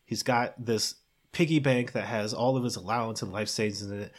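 A man's voice: fairly low pitch, fairly even intonation, a little fast, natural voice. A man playing an upbeat, awkward film director running an audition, talking with many hesitations. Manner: chipper, hesitant, filler-heavy. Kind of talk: comedy sketch.

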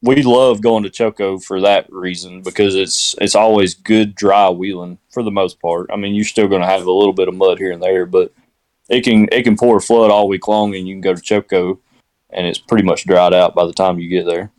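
A man's voice: low voice, steady tone, fairly quick, a little mellow, no room sound. A man with a Southern US accent, rambling and laid-back as a guest in casual podcast chat.

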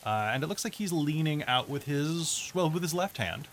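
A man running a tabletop role-playing game as game master, narrating in a relaxed, chatty way with frequent fillers. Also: on the high side, normal speed, slight background noise.

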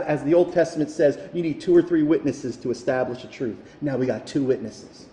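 A man's voice: mid-range voice, fairly quick, hardly any pauses, dark tone. Man preaching in an echoing hall. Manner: rising to fervent, emphatic preaching. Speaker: pastor. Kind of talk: sermon. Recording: echoey hall, reverberant.

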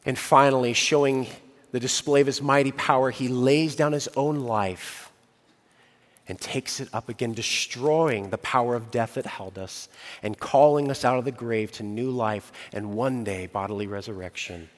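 A man preaching a sermon earnestly, building emphasis and slowing on key phrases. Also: mid-range voice, big-room sound. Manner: earnest preaching with rising emphasis and slow pauses. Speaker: pastor.

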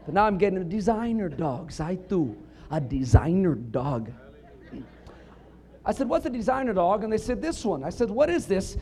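A middle-aged man preaching a sermon, telling funny stories with punchlines and building up to emphatic shouts. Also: high voice, big pitch swings, moderate pace. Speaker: pastor.

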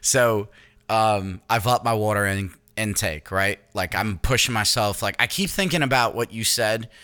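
A middle-aged man co-hosting a crude, casual podcast, joking and breaking into loud impressions. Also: fairly low pitch, moderate pace, smooth. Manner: jokey, launches into loud voice impressions. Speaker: podcast co-host.

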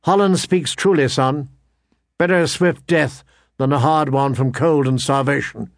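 A man voicing a stern northern lord and father, measured and authoritative, in an audiobook reading. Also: mid-range voice, no room sound, studio quality, lightly acted. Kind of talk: audiobook character voice.

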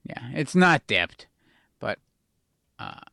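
A man's voice: medium pitch, big pitch swings, takes it slowly, gravelly, sharp tone, dry recording, studio quality. A young adult man co-hosting a casual chat show, rambling, swearing casually and losing his train of thought. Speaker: podcast co-host.

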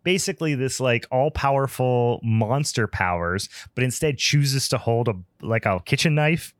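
A man's voice: mid-range voice, normal speed, no echo. A man co-hosting a podcast, retelling movie scenes in a casual, sarcastic way and laughing often. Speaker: podcast co-host. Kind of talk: casual film review chat.

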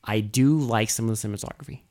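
A man's voice: fairly low pitch, quick pace, darkish tone. A man co-hosting a casual movie review podcast, exasperated and rambling, with frequent swearing. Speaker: podcast co-host.

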